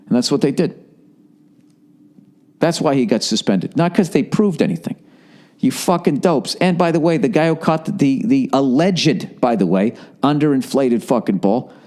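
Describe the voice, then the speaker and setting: Podcast host, male, Boston accent, mellow, profane riffing delivery. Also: mid-range voice, animated, moderate pace. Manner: profane, sarcastic rant with mock voices. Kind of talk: casual comedic monologue and ad reads.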